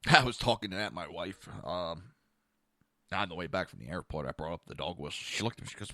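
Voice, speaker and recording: A man's voice: deep voice, fairly quick, sharp tone, dry recording, studio quality. A middle-aged man hosting a podcast, ranting bluntly with profanity and mocking asides. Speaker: podcast host. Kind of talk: ranting political commentary.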